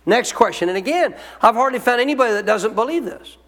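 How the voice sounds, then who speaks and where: A man with a high voice preaches emphatically, firing rhetorical questions at his congregation. His sermon rings out with a long reverb from a large church hall. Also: expressive, fast, fairly bright tone. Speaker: pastor.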